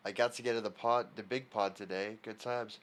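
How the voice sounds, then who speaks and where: A man's voice: fairly low pitch, steady tone, fairly quick, fairly bright tone, a little hiss or hum. A man chatting casually on a live stream in a rambling way, answering viewer messages from his desk at home.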